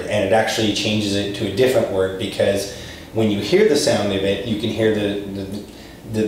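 A man's voice: on the low side, slight background noise. A man teaching a casual Spanish lesson, explaining loosely and informally with plenty of fillers and the odd swear word. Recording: very echoey room, distant from mic.

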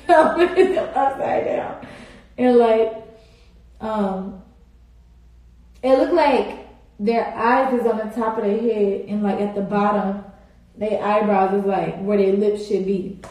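A woman's voice: medium pitch, little pitch movement, slow pace, pauses often, mellow. A young woman, chatting casually and rambling to her viewers on a phone live stream, full of "like" and "y'all". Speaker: social media personality on a live stream. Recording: very echoey room on a phone.

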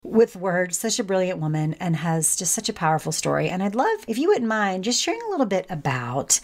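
A woman's voice: on the low side, sing-song, fairly quick, a little mellow. A woman hosting a podcast, introducing her guest in a gushing, rambling way. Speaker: podcast host. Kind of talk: podcast interview.

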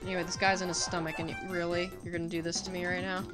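A woman hosting a let's play, quick and offhand with chatty asides. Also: on the low side, level tone, loud music behind the voice. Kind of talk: gameplay commentary.

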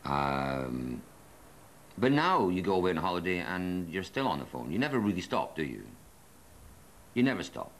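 A man's voice: low-pitched, very animated, normal speed, pauses often, slight background noise. A man grumbling wearily about something as an interviewee. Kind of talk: casual complaint.

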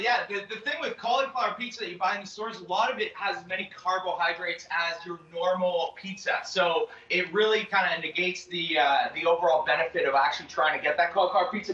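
A man, a guest cook, demonstrating a recipe over a video call in an excitable, rambling way and apologizing when he skips steps. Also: high-pitched, brisk, few pauses, a little hiss or hum. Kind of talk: cooking demonstration. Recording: echoey dull call audio from a distance.

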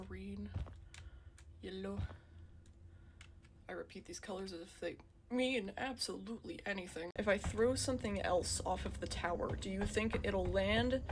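A woman's voice: mid-range voice, background noise. A woman playing horror video games with joking commentary, often yelping and exclaiming when startled. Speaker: gaming YouTuber. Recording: game music behind the voice.

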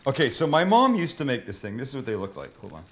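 A man's voice: medium pitch, huge pitch swings, fast, a little hiss or hum. A man hosting a casual cooking livestream from a kitchen, joking with his crew and swearing loosely. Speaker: cooking show host.

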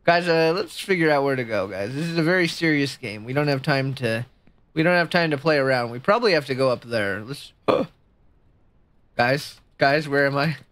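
A woman streaming a video game, chatting casually with her viewers and jumping into a high, squeaky voice when she gets excited or nervous. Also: normal speed. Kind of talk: casual gameplay commentary.

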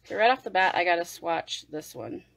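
A woman talks through a makeup unboxing at her desk in a casual livestream. She gushes with excitement, and her pitch jumps all over the place. Now and then she drops to a hushed whisper. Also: a little fast, vocal fry, dry recording, rough recording. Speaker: beauty vlogger.

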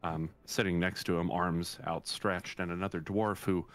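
A man narrating a tabletop game as game master, relaxed and halting, with many fillers. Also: low voice.

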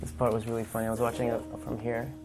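A young man hosting a casual prank vlog. He talks in an animated way, laughing and yelping loudly. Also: mid-range voice, rapid-fire, over loud music. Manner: animated, laughing, loud yelps when hurt. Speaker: prank channel host.

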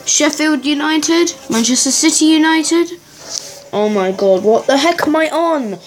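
A woman giving excitable, chatty commentary while playing a football video game, cheering and muttering by turns. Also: sits high, unhurried, soft background music, rough recording. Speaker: gaming channel host. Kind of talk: live gameplay commentary.

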